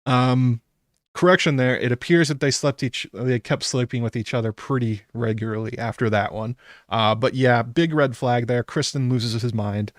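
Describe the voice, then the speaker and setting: A middle-pitched man talks through a show recap in a loose, incredulous way. He chuckles and trails into ums, and his voice sounds close and dry. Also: fairly even intonation, normal speed, dry recording. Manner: chatty and incredulous, laughs often, many ums. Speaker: YouTube aftershow host. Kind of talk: casual solo reaction commentary.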